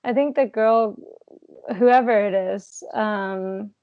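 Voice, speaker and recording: A woman's voice: medium pitch, slow, clean tone, dry recording, dull audio. A woman guest in a casual interview, giggling and musing aloud. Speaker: actress guest. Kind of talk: casual video-call interview.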